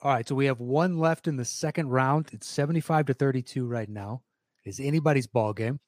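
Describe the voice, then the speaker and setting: An upbeat man running a trivia game, keeping score and teasing his guests. He draws out each clue slowly and deliberately. The sound is close and dry. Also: medium pitch, dry recording. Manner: upbeat, reads clues in a slow deliberate cadence. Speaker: game show host. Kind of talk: hosting a podcast game.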